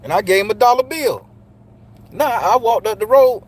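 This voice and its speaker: A man's voice: very high voice, lively intonation, moderate pace, slightly rough. A middle-aged man talking to other men in a blunt, profane, preachy monologue, speaking directly to his listeners. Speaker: channel host speaking to men. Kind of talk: casual spoken monologue.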